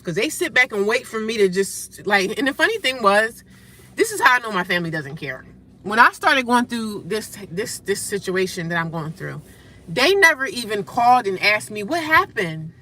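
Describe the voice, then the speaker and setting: A woman's voice: medium pitch, sing-song, normal speed, sharp tone. A woman vlogger talking casually to the camera in a frank, emphatic, motivational way. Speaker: vlogger living in a shelter.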